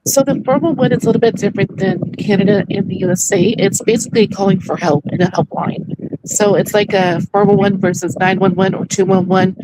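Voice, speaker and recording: Measured woman explaining, faint background hum. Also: medium pitch, fairly even intonation. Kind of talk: casual discussion.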